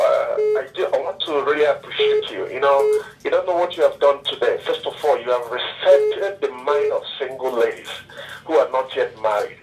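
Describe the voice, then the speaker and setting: A man's voice: mid-range voice, recorded from a distance, low-quality recording. A man calling a radio show, effusive in praise and pleading with a fellow listener. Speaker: caller. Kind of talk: radio phone-in call.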